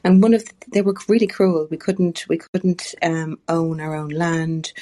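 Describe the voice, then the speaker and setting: An Irish woman, an author guest, chatting in an animated storytelling way in an interview. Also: lowish voice, normal speed. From Ireland. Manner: animated storyteller, frequent restarts. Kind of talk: casual interview chat.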